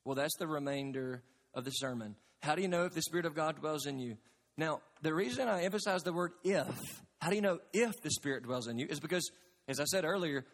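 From the pulpit of a large church sanctuary, a pastor's sermon rings out in a high voice with a fairly bright tone, carried by a long reverb. With earnest emphasis, he presses the congregation with questions.

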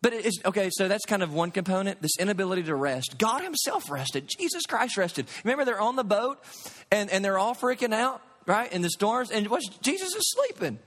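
A man preaching a sermon as pastor, animated and swinging between loud emphasis and quiet asides. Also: sits high, fairly quick. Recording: long hall reverb.

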